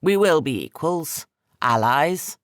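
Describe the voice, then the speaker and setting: A man voicing an ancient, menacing sorcerer with slow, heavy, rasping speech for an audiobook. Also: on the high side, lively intonation, fairly bright tone, no echo, clean studio sound, pitched above the performer's own voice.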